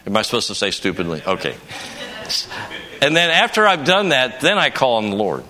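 A man's voice: mid-range voice, sing-song, a little fast, bright, forceful tone. An older man preaching at a conference, telling a folksy personal story and breaking into emphatic bursts. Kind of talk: conference sermon.

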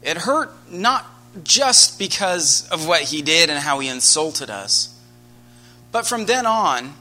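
Bright-voiced American man preaching. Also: on the high side. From United States. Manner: earnest storytelling, grows animated and loud. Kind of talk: sermon.

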